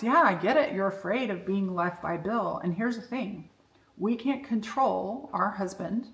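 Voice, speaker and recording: A woman's voice: medium pitch, a bit bright. Woman, middle-aged, candid personal storytelling, frank, reflective, roomy echo. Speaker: self-development speaker. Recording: echoey room.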